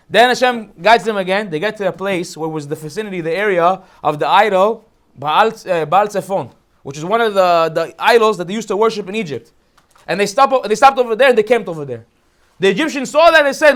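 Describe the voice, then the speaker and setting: A man teaching a lesson on the weekly Torah portion as a rabbi, telling the story in an animated way and acting out quotes with jokes. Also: high-pitched, fast talker.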